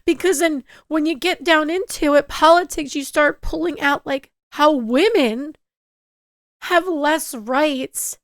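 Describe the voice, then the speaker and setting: A woman co-host on a casual podcast speaks with a high, bright-pitched voice. She is impassioned and heated, swearing and stammering, yet her delivery stays slow. The sound is dry and close. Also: dry recording.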